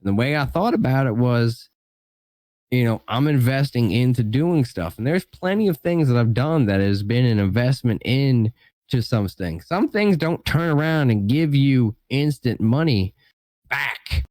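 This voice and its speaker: A man chats as a guest on a relaxed podcast, in a mid-pitched voice recorded dry and close. He rambles loosely and leans on filler words as he thinks aloud. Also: unhurried, no echo. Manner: rambling, heavy use of "like" and "you know". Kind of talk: casual podcast chat.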